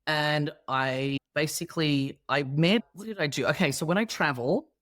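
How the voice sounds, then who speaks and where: A woman's voice: low voice, moderate pace, a bit bright, no room sound, clean studio sound. An Australian woman in her thirties, a guest comedian in a casual interview chat, telling stories with animation and acting out the people she quotes.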